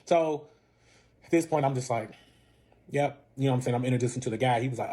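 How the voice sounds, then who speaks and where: A man telling a story in a casual, animated way, with lots of swearing and acted quotes. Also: medium pitch, fairly quick. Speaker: storyteller guest.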